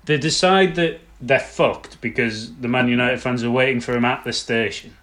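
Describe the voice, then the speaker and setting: A man's voice: mid-range voice, moderate pace, fairly bright tone. A man co-hosting a casual film chat, sardonic and swearing as he retells scenes.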